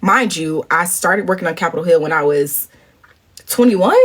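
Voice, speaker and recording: A woman in her twenties from St. Louis chatting to viewers on a phone livestream, telling a story in a lively, profane way and calling them y'all and girl. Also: low-pitched, fairly quick. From St. Louis, USA. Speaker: livestream host. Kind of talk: casual storytelling chat. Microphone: phone at arm's length.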